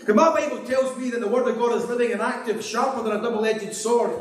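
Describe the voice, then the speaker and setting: A man's voice: very high-pitched, fast talker. A Scottish man preaching a sermon and leading a prayer, with an earnest, repetitive preaching cadence. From Scotland. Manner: drops to a hushed voice in prayer. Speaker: pastor. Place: church hall. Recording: echoey hall, mic at a distance.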